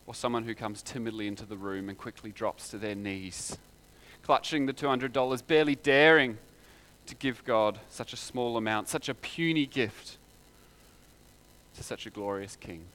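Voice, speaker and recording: A man's voice: mid-range voice, moderate pace, a bit bright, a little hiss or hum. A man preaching a sermon in a conversational way, full of rhetorical questions.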